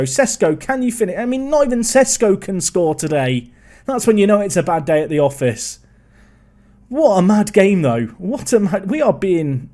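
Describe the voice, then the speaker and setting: A man's voice: high-pitched, warm tone. A man giving rambling, exasperated let's-play commentary while seated at his computer. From England. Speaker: gaming video creator.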